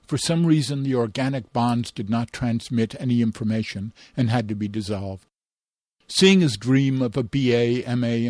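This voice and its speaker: A man narrating a comic pun-filled story with a deadpan delivery. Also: mid-range voice, no echo.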